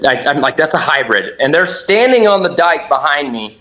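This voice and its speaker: A man guesting on a podcast, telling a hunting story with excited, animated energy and acting out his own shouts. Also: fairly high pitch, moderate pace, rough recording. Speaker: podcast guest, duck hunter.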